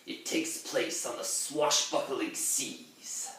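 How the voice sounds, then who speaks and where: A man's voice: medium pitch, takes it slowly, fairly bright tone, slight background noise, voice pushed up. A man playing a theatrical pirate captain, delivering his lines in a hammy, swaggering way. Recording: very echoey room, distant mic.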